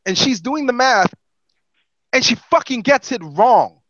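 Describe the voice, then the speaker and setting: High, animated man telling profane stories. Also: unhurried, no room sound, muffled recording. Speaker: podcast co-host. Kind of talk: casual storytelling.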